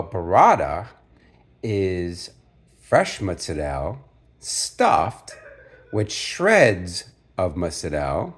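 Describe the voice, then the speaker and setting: A man with a fairly low voice hosts a relaxed cooking video from his home kitchen. He talks in a chatty, joking way and playfully corrects how people say Italian food words. His delivery stays loose and conversational, like a friend walking you through a recipe. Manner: chatty, jokey, playfully insistent on Italian pronunciations. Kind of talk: casual cooking demonstration.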